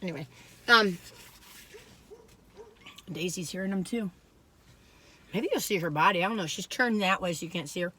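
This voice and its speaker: A woman's voice: lowish voice, moderate pace, long pauses, sharp tone. An older woman, chatting and rambling as she tells stories in a food review vlog. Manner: chatty and rambling, acts out quoted voices. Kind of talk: casual storytelling chat to camera.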